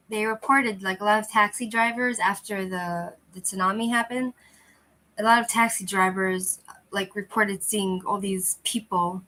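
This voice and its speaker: Chatting with viewers on her channel's casual livestream, a woman rambles and keeps restarting in a loose, chatty way. Her voice is mid-range, pushed and bright, and the audio from her cheap, lousy microphone is poor.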